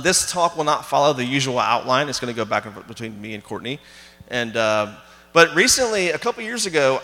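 A man's voice: mid-range voice, sharp tone. A man preaching a sermon in a church, talking conversationally with fillers and questions to the congregation. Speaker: pastor. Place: church sanctuary. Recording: long hall reverb.

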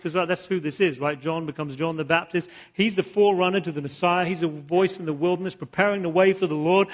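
A pastor preaching a sermon, animated, repeating phrases and asking the congregation questions. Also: male voice, on the high side, fast talker, hardly any pauses, dull audio. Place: church.

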